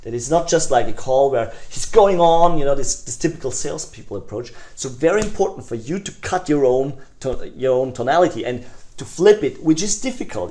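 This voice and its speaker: A man giving a recorded online sales lesson in a mid-pitched voice. He talks casually, full of "you know" and restarts, and he jumps from loud, eager delivery to quiet, hushed phrases to show how each tone sounds. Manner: demonstrates tonalities, swings between loud enthusiasm and soft hushed lines; conversational, many fillers and restarts. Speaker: sales trainer.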